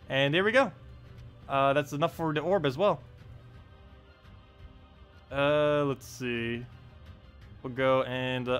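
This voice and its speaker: A man's voice: mid-range voice, a bit bright. A man streaming a video game, casually talking through his moves and thinking aloud with lots of filler words. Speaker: gaming live streamer. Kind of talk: casual gameplay commentary. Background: faint game music.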